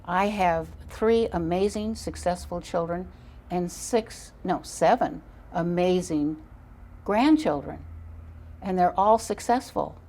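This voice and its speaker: A woman's voice: fairly low pitch, slow pace, mellow. An older woman as an interview guest on parenting, telling stories in an earnest, emphatic way. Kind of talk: interview storytelling.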